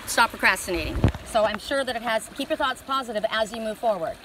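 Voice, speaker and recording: A woman's voice: fairly high pitch, fast talker, noisy background. A middle-aged woman giving a spiritual oracle card reading, talking in a rambling, heartfelt and emotional way.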